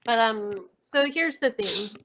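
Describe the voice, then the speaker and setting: A woman's voice: a little high, animated, slow pace, bright, forceful tone, a little hiss or hum, poor audio. A woman playing in a tabletop game who talks playfully and thinks aloud as she plans. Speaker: player.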